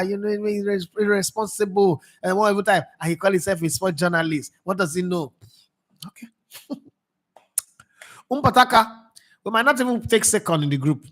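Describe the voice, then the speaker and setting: A Nigerian man with a Nigerian accent hosts a casual football talk show. His voice sits a little high, and he swings in and out of Pidgin with lively, laughing energy. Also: a little fast. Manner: animated, mixes Pidgin with English, laughs often. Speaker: sports show host.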